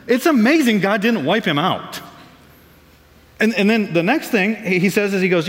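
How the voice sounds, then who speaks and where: A man preaching a sermon as pastor, casual and animated, acting out the people he quotes in raised voices. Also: high voice, fairly quick, in a large hall.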